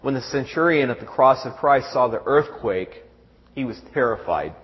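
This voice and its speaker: A middle-aged man preaching a sermon in a halting way, repeating words and reading scripture aloud. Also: medium pitch, animated. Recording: dull sound with long hall reverb.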